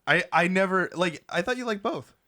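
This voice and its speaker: A man's voice: high-pitched, expressive, normal speed, bright, forceful tone. A young man hosting a casual gaming podcast, playful and egging his co-hosts on. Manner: playful, eggs others on. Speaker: podcast host.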